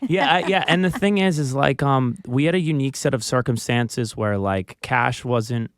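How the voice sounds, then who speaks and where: Smooth-voiced Philadelphia man, halting. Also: mid-range voice, no room sound, studio quality. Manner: hesitant, many ums and restarts. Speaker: guest. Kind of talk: casual radio chat. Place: radio studio.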